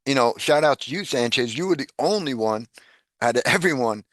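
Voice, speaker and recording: A man chatting casually as a podcast guest, animated, laughing often and repeating words as he talks. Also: mid-range voice, fairly quick, dry recording, studio quality.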